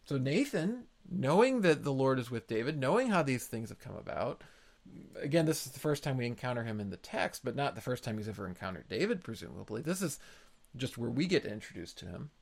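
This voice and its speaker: Earnest preacher man, gravelly voice. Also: mid-range voice, big pitch swings, brisk. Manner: earnest, repeats words for emphasis. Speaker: pastor. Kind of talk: expository sermon.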